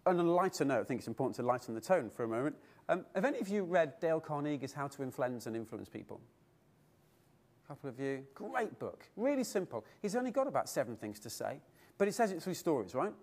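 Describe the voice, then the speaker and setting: A middle-aged man delivering a keynote speech at a conference. He tells stories with lively swings in his voice and keeps putting rhetorical questions to the room. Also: on the high side, fast talker. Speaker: keynote speaker. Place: conference hall.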